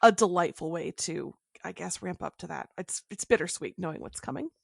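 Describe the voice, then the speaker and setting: A woman co-hosting a casual TV recap podcast, animated and quick to laugh as she quotes favorite lines. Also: on the low side, gravelly, slightly rough. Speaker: podcast co-host.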